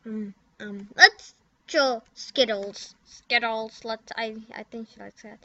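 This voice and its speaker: A young woman's fairly high, fairly even voice giggles and mumbles over the typing as she records a prank game video. Her casual commentary is halting and tends to trail off, captured on a dull lo-fi computer mic with a noisy background.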